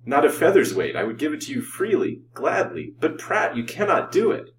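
A volatile rich gentleman from a storybook reading, bitter and easily inflamed, as a male narrator puts him on. His voice jumps upward when agitated and stays raised. The mic is set back, with a faint hum under it. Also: sits low, brisk, recorded from a distance, lightly acted. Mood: excited. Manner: agitated, outbursts of passion.

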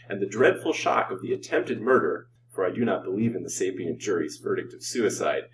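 A man's voice: fairly low pitch, far from the mic, a little hiss or hum, close to an everyday voice, rough recording. A man doing a cold, scheming doctor. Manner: calm, cold, sneering.

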